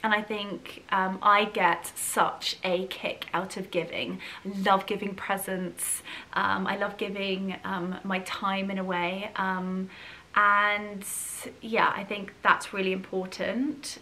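A woman's voice: medium pitch, flat delivery, takes it slowly, pushed and bright, a little hiss or hum. A woman, vlogging in a chatty, effusive way, with many fillers and asides. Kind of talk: casual chat to camera.

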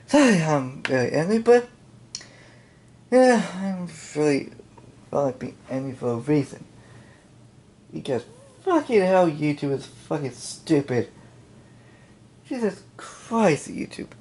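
Slow, swearing, exasperated ranter. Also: medium pitch, sing-song, darkish tone, husky. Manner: heavy swearing, repeated exasperated questions, sighs; halting, restarts and trails off. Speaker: YouTube channel host. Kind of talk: angry ranting commentary over screen content.

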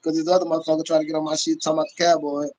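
A man on a casual livestream, ranting in a loud, profane, boisterous way and laughing often. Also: on the high side, little pitch movement, rapid-fire, rough recording.

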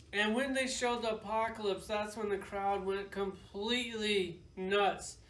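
A man's voice: high voice, fairly even intonation, slow pace, fairly bright tone, roomy sound. A man reviewing action figures in casual, rambling chat, with a sarcastic, joking manner. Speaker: toy reviewer.

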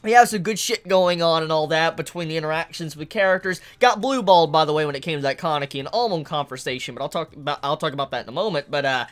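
A woman reviewing a manga chapter in casual commentary, excitable, laughing often and swearing freely. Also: quick pace, hardly any pauses. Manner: animated pitch jumps.

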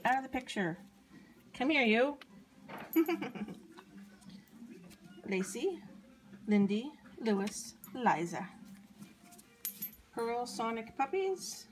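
A woman filming her puppies at home, speaking in cooing, sing-song baby talk that drops to soft whispers. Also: fairly high pitch, lively intonation, takes it slowly, long pauses, slight background noise, rough recording.

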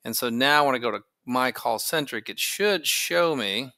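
Bright and forceful, this man's mid-range voice moves with lively intonation at a moderate pace over a dry recording. He's a tech tutorial host doing a casual screen-recording walkthrough of a phone service setup, using fillers as he thinks aloud and clicks along.

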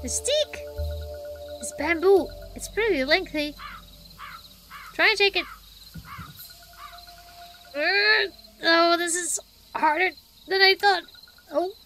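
A woman's voice: extremely high pitch, slow, pauses often, bright, forceful tone, faint music behind. A woman streamer reading a game's dialogue aloud with playful reactions. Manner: reads lines with playful reactions.

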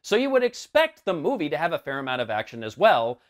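Sarcastic male reviewer, fairly high voice that leaps around, scripted comedy commentary. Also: huge pitch swings, quick pace. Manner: sarcastic, exasperated. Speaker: film reviewer.

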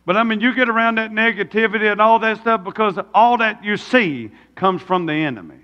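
The pastor's high voice comes a little fast through a muffled recording, with the long reverb of a church sanctuary behind it. He delivers a folksy sermon, peppering the congregation with rhetorical questions.

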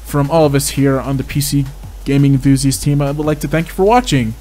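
A man's voice: medium pitch, fast talker, mellow. A man giving chatty gameplay commentary as a game reviewer, exclaiming often and laughing at his own mistakes. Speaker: game reviewer and channel host.

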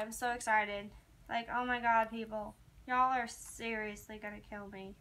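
A young woman vlogging in a casual, rambling way, chatting excitedly to her viewers as a fan. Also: fairly high pitch, normal speed. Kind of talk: casual chat to camera.

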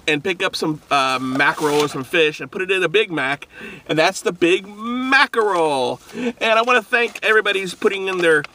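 An upbeat man hosts a casual food review vlog, rambling cheerfully between bites. His voice sits a little high for a man and rings bright and forceful. He laughs often and talks loosely into a camera mic. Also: slight background noise.

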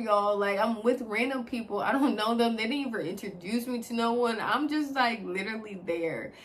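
A young woman vlogger telling a personal story in a casual, chatty way, talking straight to her viewers, swearing freely and leaning on filler words. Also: on the high side. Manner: chatty and expressive, addresses viewers as y'all, swears freely, heavy use of like.

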